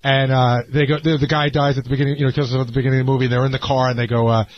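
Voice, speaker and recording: A man in casual radio studio banter, talking in rapid bursts with halting restarts. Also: medium pitch, level tone, no room sound. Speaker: radio show producer. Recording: dull muffled radio broadcast.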